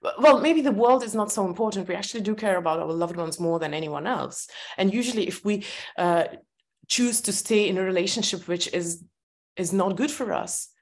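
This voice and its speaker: Podcast guest, woman, mid-pitched, candid, laughs easily between thoughts. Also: fairly quick. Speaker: guest author. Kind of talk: podcast interview.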